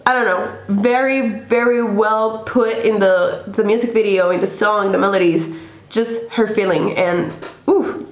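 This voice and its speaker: A woman's voice: mid-range voice, fairly even intonation, unhurried. A young woman hosting a casual music reaction video, gushing and effusive, filling her talk with "like" and "literally.". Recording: echoey room with music playing. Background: faint music.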